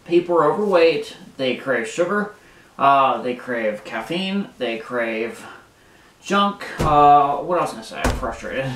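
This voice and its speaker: A man's voice: mid-range voice, animated, slow pace. A man in his home kitchen, talking in a frustrated, rambling way with many fillers while he makes breakfast and eats. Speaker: vlogger. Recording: echoey room, mic far off, loud kitchen noise. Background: dishes, pots, pans and drawers clattering.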